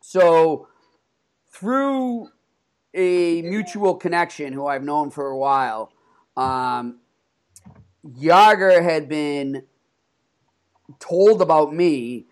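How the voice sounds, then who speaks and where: Podcast co-host, man with a high voice, lively rambling anecdotes. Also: extremely slow, long pauses. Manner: animated, laughing storyteller with frequent restarts. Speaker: podcast co-host, hockey reporter. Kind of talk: casual storytelling chat.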